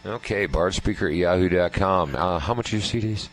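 A man hosting a casual interview, asking quick questions and cracking jokes. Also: low voice, low-quality recording. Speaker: interviewer host.

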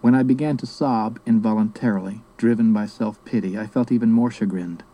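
A man reading a memoir-style story as narrator, in a measured, reflective way. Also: fairly low pitch, mellow, poor audio. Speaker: audiobook narrator. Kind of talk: scripted narration.

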